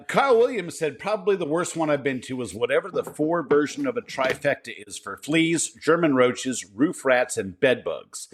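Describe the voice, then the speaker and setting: A man with an ordinary mid-pitched voice co-hosts a casual podcast, reading listener stories aloud in a laid-back way. He swears casually between the stories. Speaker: podcast co-host.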